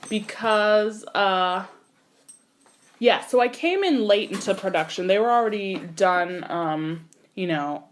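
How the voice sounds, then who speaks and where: A young woman, an actor and singer, telling an animated story in a casual interview, full of "like" and "you know". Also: medium pitch, slow pace, a little hiss or hum.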